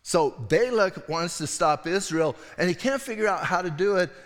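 A middle-aged male pastor tells a story from the pulpit in a relaxed, conversational manner, slipping into little voices along the way. His voice sits somewhat high for a man. A long reverb from the church hall trails every phrase. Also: normal speed. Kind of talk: sermon.

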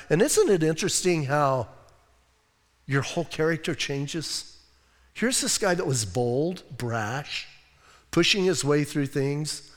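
A male pastor preaching a sermon in an animated, conversational way, acting out quotes and laughing often. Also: on the high side, big-room sound.

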